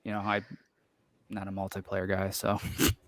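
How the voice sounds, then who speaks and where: A man's voice: low-pitched, monotone, normal speed, a bit bright, no echo, clean studio sound. A man co-hosting a podcast, easygoing, chatting with laughing asides. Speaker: podcast co-host. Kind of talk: casual podcast chat.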